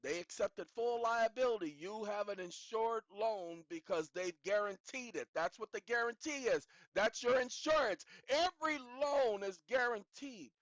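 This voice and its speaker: A man's voice: sits high, normal speed, hardly any pauses, fairly bright tone, no echo. A man hosting his own channel and lecturing in an emphatic, preachy way, repeating key lines and calling on the audience to say them with him. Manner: repetitive, calls for the audience to repeat after him. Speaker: channel host. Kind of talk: instructional talk, preachy and emphatic. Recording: dull lo-fi recording.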